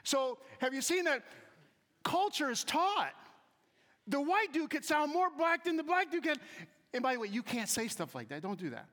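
High, bright-voiced man in an echoing hall. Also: normal speed. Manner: animated, acts out quoted voices, shifts between soft asides and loud emphasis. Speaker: speaker giving a talk to an audience. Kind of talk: storytelling talk with humor. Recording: long hall reverb.

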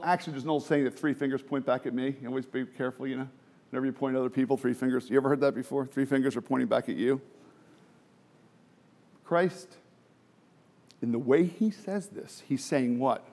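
A man's voice: medium pitch, fairly quick, long pauses, darkish tone. A man preaching a sermon, emphatic and full of rhetorical questions, sometimes dropping to a near whisper.

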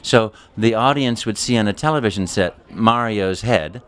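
A man, a voice actor, chatting casually in an interview as an animated storyteller. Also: fairly low pitch, moderate pace, clean tone.

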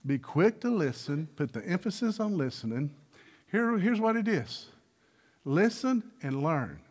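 A man's voice: sits high, big pitch swings, moderate pace, slightly rough. A middle-aged man preaching a sermon as pastor, telling folksy stories and firing rhetorical questions at the congregation. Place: church sanctuary.

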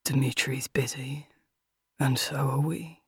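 A woman's voice: very deep voice, flat delivery, slow, husky, no echo, clean studio sound, voice pushed down, heavily acted. Woman whispering as a menacing masked man. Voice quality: muffled, hollow whisper. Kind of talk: whispered role-play.

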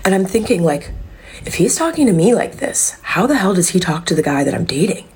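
A young woman hosting a podcast tells a dating story in a casual chat, her lowish voice brisk and husky. She's animated, swears freely and acts out the voices of everyone involved.

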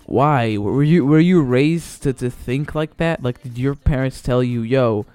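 Man, solo podcast host, rambling, swearing, smooth voice, dry close mic. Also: medium pitch, normal speed, darkish tone, no echo. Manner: rambling, swearing, lots of fillers and restarts. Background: faint background music.

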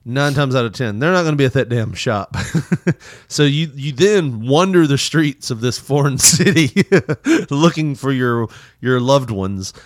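A man chatting casually on a podcast, rambling through travel stories and breaking into laughter often. His voice sits at an ordinary middle pitch. The sound is dry and close, with no room around it. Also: lively intonation, unhurried, no echo. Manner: laughs often, loose rambling storytelling with swearing. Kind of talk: casual chat.

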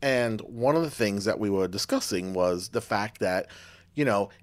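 Male podcast co-host, lively delivery, loose and jokey. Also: lowish voice, moderate pace. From Long Island, New York. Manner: lively, joking, rambling with many fillers. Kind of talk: casual chat.

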